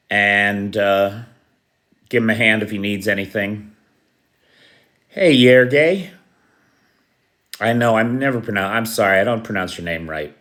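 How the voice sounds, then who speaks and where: A man's voice: on the low side, fairly bright tone. A man hosting a casual live stream, greeting viewers by name and chuckling at his own jokes. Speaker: livestream host. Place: Kyiv.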